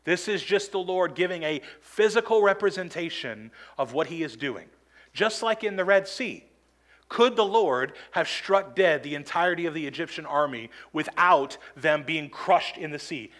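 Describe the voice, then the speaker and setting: A man's voice: sits high, lively intonation, normal speed, fairly bright tone. A man preaching a sermon as pastor, earnest and emphatic, acting out quoted complaints now and then.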